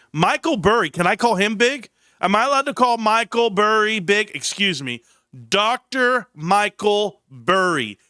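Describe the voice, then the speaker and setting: A man hosting a casual stock-market livestream, rambling and joking, swinging from mock-proper musing to loud banter. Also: high voice, no echo, studio quality. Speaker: livestream host.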